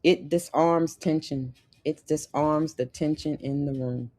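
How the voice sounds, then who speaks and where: A woman's voice: low voice, steady tone, measured pace, darkish tone. Sassy, emphatic woman giving life advice. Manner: emphatic, repeats key lines, sassy asides. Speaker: lifestyle podcast host. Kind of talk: motivational talk to women.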